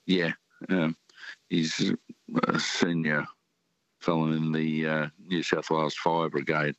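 An older Australian man calling in to a radio show, talking in halting phrases with many fillers. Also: very deep voice, level tone, a bit bright, dry recording. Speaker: caller. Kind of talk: casual radio call-in chat. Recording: muffled phone line.

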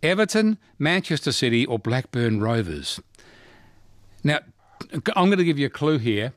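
A man's voice: mid-range voice, sing-song, moderate pace, no echo. A man in his sixties with an Australian accent, hosting a casual talkback radio quiz and chat, laughing often and restarting his sentences. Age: 60s.

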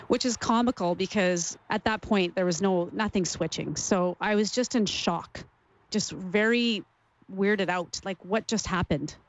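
A woman in her forties, a former athlete telling her story in an interview, warm and emotional, sometimes laughing as she remembers. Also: medium pitch, a little slow. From Canada. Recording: dull lo-fi sound.

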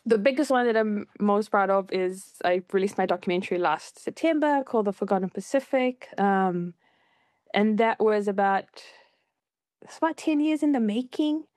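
A woman guest in an interview, telling her own story in a casual, animated way and jumping up in pitch when she quotes people. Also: normal speed, no room sound. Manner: animated, acts out quoted voices with high pitch jumps.

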